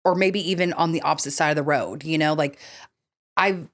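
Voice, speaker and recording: A woman with a slightly low voice chats on a podcast, lively and full of "like" and "you know." She swears casually and reads stories aloud in an animated way. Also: brisk. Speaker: podcast co-host.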